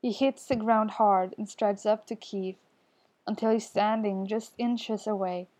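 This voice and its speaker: Podfic narrator, woman, slow, mellow, intimate. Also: mid-range voice, steady tone. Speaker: podfic reader. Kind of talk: scripted narration.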